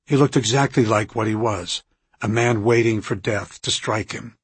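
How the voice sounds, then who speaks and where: A man with a husky voice reading a novel aloud in an even, steady narration. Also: fairly low pitch, normal speed, no echo. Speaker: audiobook narrator. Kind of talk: scripted narration.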